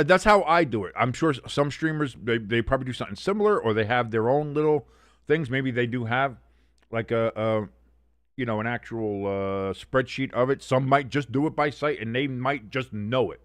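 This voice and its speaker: A man with a medium-pitched voice hosts a live watch-along stream, giving casual play-by-play game commentary mixed with loose, profane, rambling chatter. The recording is dry.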